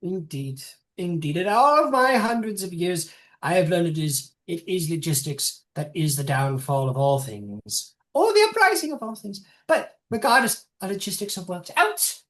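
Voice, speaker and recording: A fussy old gnome matriarch, ancient and a little senile, rattles on about family dinners in a thin, wavering squeak, as a man puts her on. Her voice sits far above his usual register and swoops about. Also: very animated, normal speed, fairly bright tone. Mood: chatty. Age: older. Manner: quavering, forgetful, chattering in a high put-on voice.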